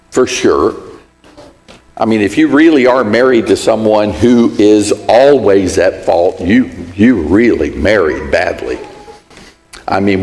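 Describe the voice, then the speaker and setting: A man's voice: on the low side, a little mellow, in a large hall. A man teaching a Sunday Bible class in a conversational way, working through everyday examples. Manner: conversational, gives everyday examples and acts out sample apologies. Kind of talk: church class lesson. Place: church hall.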